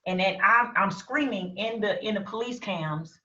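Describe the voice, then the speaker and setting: A woman telling a personal story as an interview guest, animated, acting out her own shouts and quotes. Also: medium pitch, normal speed. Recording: roomy, distant, dull lo-fi sound.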